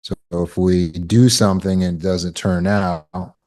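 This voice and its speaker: A man coaching a live online class, encouraging and checking in with "right?" and quick praise. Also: deep voice, flat delivery, mellow. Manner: encouraging, affirms with "good" and "right?". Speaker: healing coach. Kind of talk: live online teaching session. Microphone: video call.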